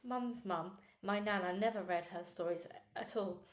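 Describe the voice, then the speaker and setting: A woman reading a children's novel aloud in a steady, earnest way. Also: mid-range voice, moderate pace. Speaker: reader. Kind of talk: storybook read-aloud. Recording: roomy echo with faint hiss.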